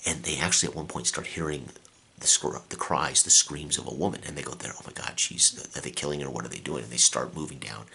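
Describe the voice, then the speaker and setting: Game master recap: man, very deep gravelly voice, rambling delivery full of fillers, faint hiss on the recording. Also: fast talker, sharp tone. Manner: rambling, with many fillers and restarts. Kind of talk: casual tabletop game recap.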